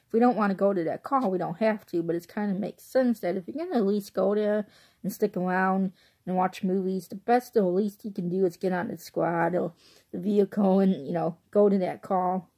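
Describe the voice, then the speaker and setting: A woman's voice: medium pitch, fairly even intonation, a little fast, dark tone. A young woman from the Chicago suburbs talking casually into her phone, rambling and often laughing. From Chicago suburbs, Illinois. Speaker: vlogger. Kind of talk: casual chatty movie review.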